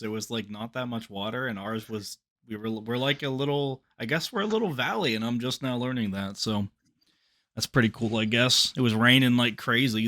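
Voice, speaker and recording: A man's voice: medium pitch, pushed and bright, no room sound, clean studio sound. A young man co-hosting a podcast, chatting casually in a loose, rambling way. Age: young adult. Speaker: podcast co-host. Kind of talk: casual chat.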